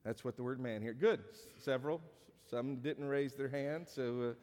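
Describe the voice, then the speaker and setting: A man's voice: medium pitch, unhurried, a little mellow, big-room sound. A middle-aged male pastor preaching a conversational sermon to a congregation, with dry joking asides. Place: church sanctuary.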